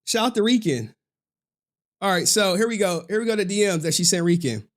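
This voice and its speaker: A man streaming reaction commentary in an animated, profane way, often breaking into laughter. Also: sits high, normal speed.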